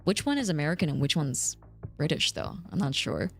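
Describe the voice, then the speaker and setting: A woman's voice: deep voice, very animated, a little fast, soft background music. A woman around thirty chatting casually with her live chat as a streamer, reading messages aloud and laughing often.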